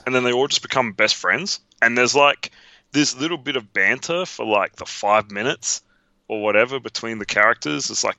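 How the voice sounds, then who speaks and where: A man co-hosting a podcast in casual, animated chat, acting out bits of movie dialogue. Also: mid-range voice, moderate pace, dry recording, muffled recording. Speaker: podcast co-host.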